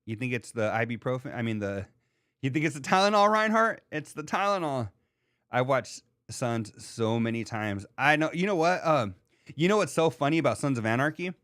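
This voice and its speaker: A man's voice: mid-range voice, very animated, normal speed, a bit bright, dry recording, clean studio sound. Rambling, filler-heavy male podcast host. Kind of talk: casual chat reading live chat.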